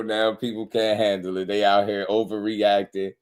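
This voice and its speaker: A man with a fairly low voice hosts a boxing livestream in a loose, casual chat style. He talks in slang, gets excited quickly and breaks into laughter often. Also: smooth.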